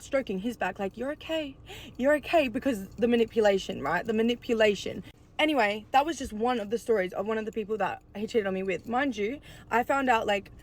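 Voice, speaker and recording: A woman casually telling a personal story in a chatty storytime, full of fillers and swearing. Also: on the high side. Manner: rapid, chatty, peppered with "like" and swearing. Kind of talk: casual storytime while getting ready.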